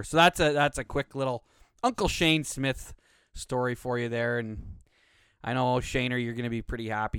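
A man's voice: mid-range voice, a bit bright, smooth, dry recording, studio quality. A man from Canada, hosting a podcast and telling stories in a blunt, heavily swearing, casual way. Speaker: podcast host. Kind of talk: casual profane storytelling.

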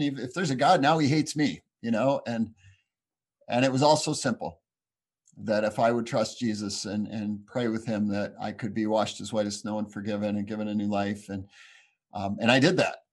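A man giving a personal faith testimony in an earnest, halting, reflective way, often restarting his sentences. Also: medium pitch. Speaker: speaker sharing a personal testimony.

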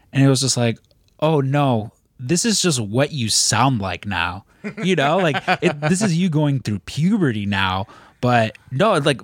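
A man's voice: mid-range voice, dry recording, clean studio sound. A man in casual podcast chat, telling loose, easygoing stories. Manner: easygoing storyteller, loose and rambling.

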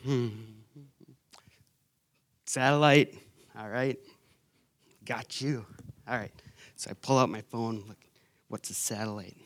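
A young man sharing a church testimony. He is an animated, self-mocking storyteller who uses many filler words. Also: medium pitch, slow pace, long pauses. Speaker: retreat participant sharing testimony.

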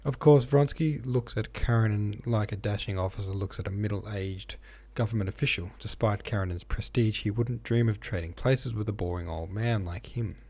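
A man's voice: fairly low pitch, moderate pace, few pauses, a little mellow, dry recording. A man reading a classic novel aloud and musing on it, thoughtful and a bit hesitant. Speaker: reader and discussion leader.

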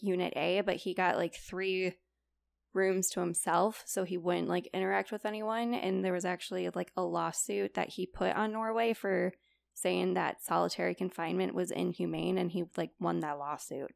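Low, gravelly young woman chatting. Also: dry recording. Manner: chatty, retells stories with quoted dialogue, many "like" fillers. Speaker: podcast co-host presenting a report. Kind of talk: casual chat.

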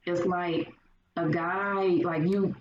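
A woman guest in casual conversation, telling her stories lively and acting out the people she quotes. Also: lowish voice, slow. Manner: animated storyteller acting out quoted voices. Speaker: podcast guest. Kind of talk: casual chat. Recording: roomy, distant, dull sound with faint hiss.

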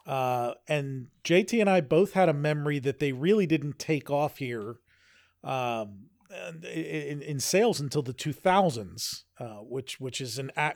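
A man co-hosts a podcast in casual chat, his mid-range voice lively in intonation and moderate in pace. He rambles and restarts often, and the recording is studio quality with no echo.

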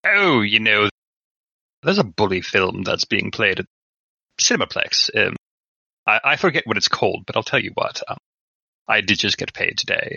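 A man with a low, gravelly, husky voice that still has a sharp edge, speaking in a dry, mock-formal manner as he plays a tabletop game. His voice comes through a dull, dry home mic. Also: no echo. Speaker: player. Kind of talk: playing a tabletop game in character.

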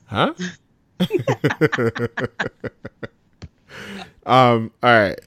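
A man's voice: mid-range voice, animated, unhurried, dry recording. A man hosting a casual talk radio show, laid-back and slangy, laughing often.

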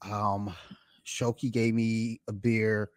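A man's voice: on the low side, level tone, slow, no echo. A man hosting a podcast, telling stories in a rambling, laid-back way with lots of fillers. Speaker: podcast host. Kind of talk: casual chat. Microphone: home podcast mic.

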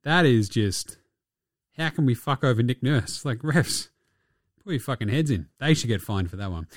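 A man's voice: mid-range voice, animated, normal speed, no echo. A young Australian man giving a casual, profane and mocking recap of basketball games. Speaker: basketball commentator.

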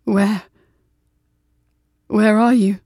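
A woman's voice: mid-range voice, fairly even intonation, drawn-out words, mellow, dry recording, studio quality. A woman reading a storybook, voicing a wounded male soldier who is confused and alarmed, asking urgent, bewildered questions.

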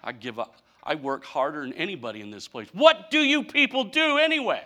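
Bright, high-voiced preacher man in his fifties. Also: fairly quick. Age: 50s. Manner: animated, mock-whining storytelling with a folksy drawl. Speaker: pastor. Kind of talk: humorous sermon.

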